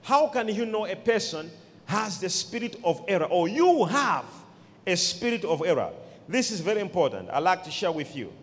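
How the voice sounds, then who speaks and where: Emphatic high-voiced man preaching. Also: very animated, moderate pace, a bit bright. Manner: emphatic, repeats key words, calls for responses. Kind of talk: sermon. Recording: long hall reverb.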